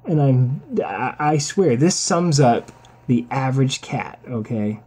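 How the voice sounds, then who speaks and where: A man's voice: mid-range voice, animated, slow pace, mellow. A man vlogger ranting casually over a video, exasperated, crude and repetitive.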